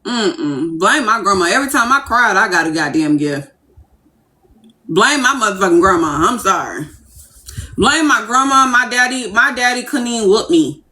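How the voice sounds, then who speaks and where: Young woman, livestream rant, bright lively voice, brash and profane. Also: medium pitch, normal speed. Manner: brash, profane and animated, swooping into giddy squeals.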